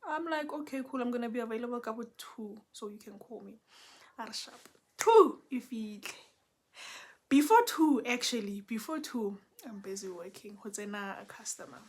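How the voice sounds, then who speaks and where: Animated South African woman telling a story. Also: on the high side, moderate pace. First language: Setswana. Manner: animated, code-switching, dramatic retelling. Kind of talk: casual storytime.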